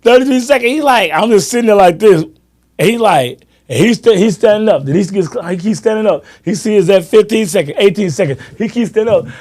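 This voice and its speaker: Brief: male podcast host, casual sports chat, animated storyteller, slightly high pitch. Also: fairly quick. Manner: animated storyteller, acts out friends' lines, laughs often.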